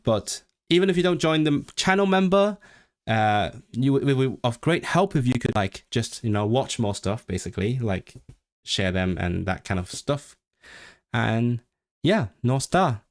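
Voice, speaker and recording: A young man talks casually to his livestream viewers, rambling and stopping to correct himself. Now and then he slows right down to read practice lines aloud with care. His voice sits at a medium pitch. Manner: rambling, self-correcting, chatty; reads practice sentences aloud slowly. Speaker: livestream host.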